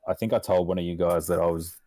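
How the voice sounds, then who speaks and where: Brief: young aussie bloke, very low voice, dry close sound, rambling sweary storyteller. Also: male voice, steady tone, quick pace, mellow, no echo. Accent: Australian. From Australia. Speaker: podcast guest. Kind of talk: casual podcast chat.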